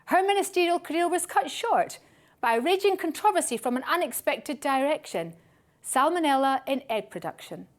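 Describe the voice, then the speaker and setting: A woman reading a scripted introduction with a lively, sing-song delivery. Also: high-pitched, moderate pace. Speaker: narrator. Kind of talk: scripted narration.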